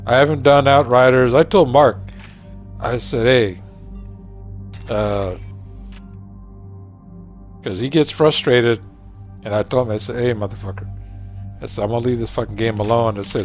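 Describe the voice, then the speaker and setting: A man in his 40s or 50s streams while gaming, chatting casually, rambling and profane, joking at his friends' expense. His medium-pitched voice runs at normal speed with long pauses, on a dull lo-fi recording with faint music.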